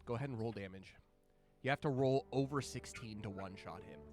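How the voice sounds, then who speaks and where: A man's voice: mid-range voice, a little fast, a little mellow, faint music behind. A man narrating as game master of a tabletop game, telling the story animatedly with fillers.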